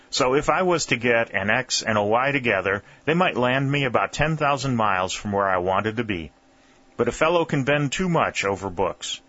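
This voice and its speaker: A man's voice: medium pitch, a bit bright, muffled recording. A man voicing a cheerful veteran Union soldier who talks in homespun rural grammar and reassures his comrades.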